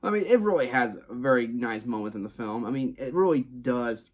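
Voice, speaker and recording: A film reviewer from Texas chats to camera about a movie at a moderate pace, his mid-range voice full of lively intonation. The casual review rambles and repeats, with frequent restarts and stock phrases.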